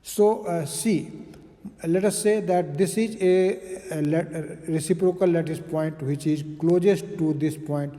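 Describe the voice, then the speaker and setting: Slow, mellow-voiced male physics lecturer. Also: fairly high pitch, steady tone, long reverb tail. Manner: slow, explanatory, many fillers and "okay"s. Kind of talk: recorded lecture.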